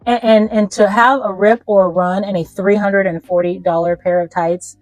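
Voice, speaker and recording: A woman's voice: medium pitch, steady tone, normal speed, darkish tone, no room sound, soft background music, low-quality recording. A woman talking casually as a fashion vlogger, chatty and emphatic in a playful way. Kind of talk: casual product review.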